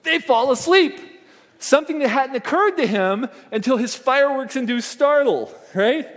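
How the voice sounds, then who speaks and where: The keynote speaker, a middle-aged man with a very high voice, talks at a moderate pace on a conference hall stage. His motivational family story is told animatedly, voices acted out, with the long reverb of a large hall behind him.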